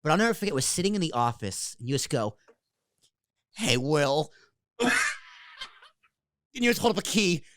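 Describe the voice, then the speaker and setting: A young man who is a podcast guest, chatting casually and teasing his friend with quick, swearing asides. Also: fairly high pitch, sing-song, a bit bright, dry recording, studio quality. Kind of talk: casual chat.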